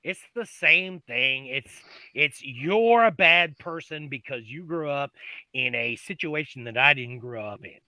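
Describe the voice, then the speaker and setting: A man in a casual online panel chat, speaking quietly and being self-deprecating. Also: medium pitch, animated, a little slow, no echo. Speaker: caller joining the panel.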